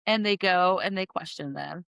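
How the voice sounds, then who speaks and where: In an in-person podcast studio, a woman host casually tells a true-crime story, chatty and full of fillers, restarts, and self-corrections. Her lowish voice is a bit bright with vocal fry, at normal speed, and the recording is dry.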